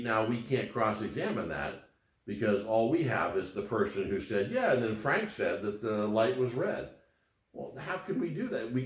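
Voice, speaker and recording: A man giving a law lecture in a conversational way, often repeating words and restarting his sentences as he explains. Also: mid-range voice. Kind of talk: recorded lecture. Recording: roomy echo.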